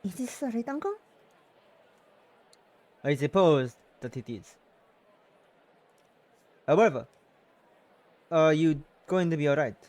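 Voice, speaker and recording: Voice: mid-range voice, very animated, takes it slowly, long pauses, darkish tone. A streamer reading a polite young heroine who speaks formally and with concern.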